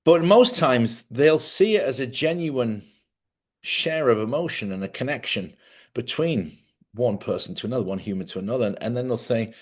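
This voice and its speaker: Man, mid-pitched voice, live talk-show host, rambling, conversational, studio live stream. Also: expressive, normal speed, breathy edge. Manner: rambling, conversational, repeats himself and asks listeners "yeah?".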